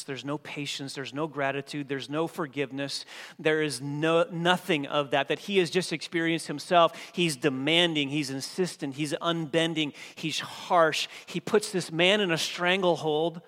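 A man preaching a sermon as pastor, dynamic, swinging from hushed passages to emphatic ones. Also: fairly high pitch, steady tone, unhurried. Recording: long hall reverb.

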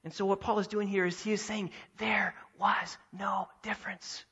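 Male pastor, high voice, emphatic repetitive preaching, muffled lo-fi sound. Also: flat delivery, moderate pace, pushed and bright, breathy edge. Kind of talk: sermon. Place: church sanctuary.

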